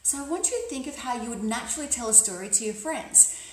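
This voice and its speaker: Brief: woman, career coach, emphatic and upbeat, slightly high voice, echoey room. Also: expressive, quick pace. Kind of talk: instructional talk to camera.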